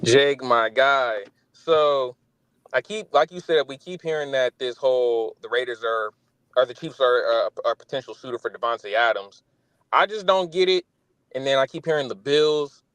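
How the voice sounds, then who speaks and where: A man's voice: medium pitch, moderate pace, fairly bright tone, clear, resonant tone, dry recording. A man calling in to a sports talk show, chatting in a friendly, teasing way. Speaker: caller. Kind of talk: call-in chat.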